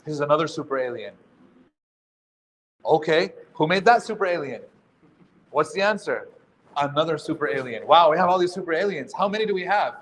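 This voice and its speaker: Male workshop teacher, a touch high-pitched, chatty and joking, quizzes the room; faint noise underneath. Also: animated, a little fast, pauses often, a bit bright. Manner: conversational, quizzes the audience, jokes. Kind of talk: interactive workshop lecture. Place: workshop room with a live audience.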